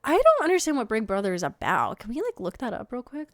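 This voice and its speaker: A young woman streaming casual reactions to reality show clips, chatty, swearing freely and dropping into quiet mumbled asides. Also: a little high, wildly swooping pitch, fast talker, a little hiss or hum.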